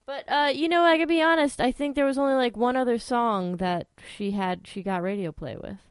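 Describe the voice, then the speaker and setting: A woman's voice: on the high side, brisk, smooth, no echo. Brief: a chatty woman host of a radio talk show, dry studio mic. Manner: chatty, swears casually, sings along to songs. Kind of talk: casual radio chat.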